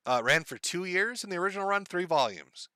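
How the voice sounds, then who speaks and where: A man chatting loosely on a livestream, rambling from one tangent to the next with plenty of swearing and frequent laughs. His voice is bright and on the higher side, with a very animated pitch. The sound is dry and close. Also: fairly quick, no room sound. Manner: rambling, profane, laughs often. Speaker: livestream host. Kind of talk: casual livestream chat.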